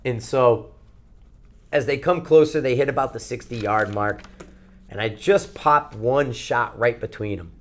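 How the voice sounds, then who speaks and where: A man's voice: mid-range voice, measured pace. Profane, rambling storyteller man. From Connecticut. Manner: rambling, profane, animated anecdote-telling. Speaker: podcast co-host. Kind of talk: casual storytelling.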